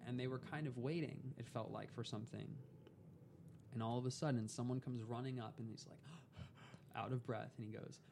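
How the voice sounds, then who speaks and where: A young man telling a personal story as a podcast guest, calm and unhurried. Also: mid-range voice, vocal fry, slight background noise.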